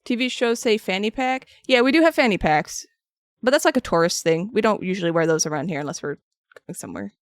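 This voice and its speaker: A woman's voice: mid-range voice, lively intonation, quick pace, no echo, studio quality. A woman streaming as she sculpts and paints, chatting casually and answering her viewers. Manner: chatty and rambling, answering chat with frequent restarts. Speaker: craft streamer.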